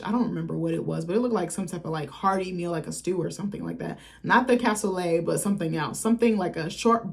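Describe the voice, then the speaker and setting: A young woman recapping a film in a casual, chatty way, swearing freely and acting out lines from scenes. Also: lowish voice. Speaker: film critic vlogger.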